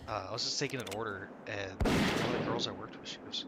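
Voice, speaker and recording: A man's voice: fairly low pitch, fairly even intonation, fast talker, creaky, hardly any pauses, heavy background noise. A man chatting casually while gaming on stream, rambling through stories, swearing and laughing at himself. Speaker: game streamer. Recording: loud game gunfire behind.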